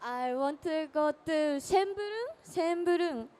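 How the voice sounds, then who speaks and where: Very high, bright woman with a Japanese accent. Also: lively intonation. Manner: slow, careful English. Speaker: band member.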